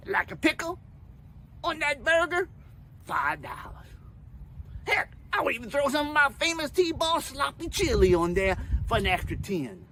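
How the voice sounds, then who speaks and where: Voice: slight background noise, full character voice. Someone doing T-Boss, a hustling ball-field owner. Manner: pushy salesman patter, loud pitches. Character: greedy male ball-field owner hustling overpriced deals. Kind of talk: comedy sketch bit.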